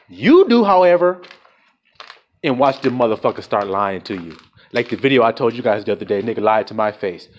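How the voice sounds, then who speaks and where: A man's voice: animated, a little fast. Fiery, profane preaching man. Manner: emphatic, profane, swings from low mutters to shouts. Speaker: self-styled preacher. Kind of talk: fiery street-style sermon.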